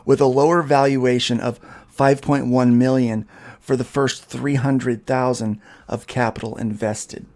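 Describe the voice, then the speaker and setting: A man's voice: medium pitch, level tone, a little slow, a little mellow. A man hosting a casual podcast, reading an article aloud and breaking in with his own asides. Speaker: podcast host.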